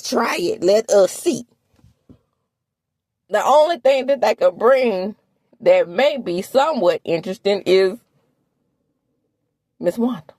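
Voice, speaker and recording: A woman from the American South with a Southern accent, recapping reality TV in sassy, animated casual commentary. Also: dry recording. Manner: sassy, animated, with laughs and sudden high exclamations.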